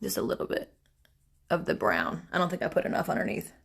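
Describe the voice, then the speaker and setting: A woman's voice: lowish voice, very animated, quick pace, vocal fry. Chatty young woman doing a makeup livestream. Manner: chatty, talks to viewers and family as she works. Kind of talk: casual makeup tutorial livestream. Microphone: phone camera.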